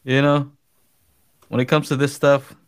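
A man's voice: mid-range voice, little pitch movement, a little slow, smooth. A man in casual chat, reacting to stories and laughing along.

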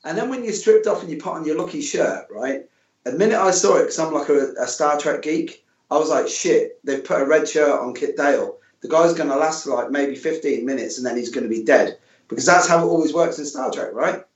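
A man's voice: on the high side, brisk. A man hosting a podcast interview, chatty and jokey, often repeating his words. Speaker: podcast host. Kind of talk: casual interview. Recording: distant, echoey, muffled room sound.

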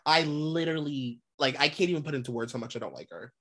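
A woman's voice: deep voice, expressive, quick pace, a bit bright. A young adult woman co-hosting a casual gossip podcast, blunt and emphatic, swearing freely as she vents about reality TV. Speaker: podcast co-host.

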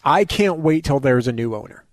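A man's voice: medium pitch, lively intonation, moderate pace, no room sound. A man co-hosting a sports radio show in a conversational way. He grew up in New York. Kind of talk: casual sports talk.

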